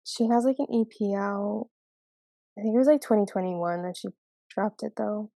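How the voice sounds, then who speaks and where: A woman's voice: medium pitch, moderate pace, creaky, warm tone, dry recording. A young woman in her twenties co-hosting a podcast, chatting casually, gushing and laughing often. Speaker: podcast co-host. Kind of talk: casual chat.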